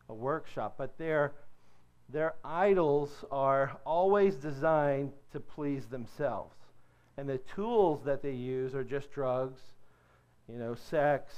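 A man's voice: mid-range voice, a little mellow. A middle-aged man from Kentucky, an addiction counselor teaching a church workshop in a conversational way and asking his audience questions. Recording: dull lo-fi recording.

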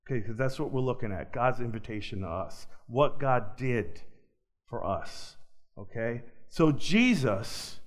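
A man delivers a sermon that moves between loud, emphatic high points and quiet, low asides, chuckling every so often.

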